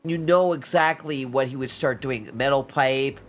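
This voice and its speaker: Stuffy-nosed streamer, mid-pitched, teasing and loose, live late-night chat, faint music underneath. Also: normal speed. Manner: playful, teasing, laughs often. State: stuffy nose. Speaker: Twitch streamer.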